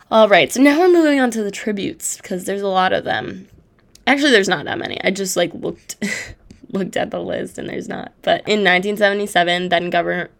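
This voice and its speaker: A woman's voice: lowish voice, gravelly, fairly bright tone. A woman hosting a podcast, retelling a historical case in a casual, chatty way with irreverent asides. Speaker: podcast host. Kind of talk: casual true-crime storytelling.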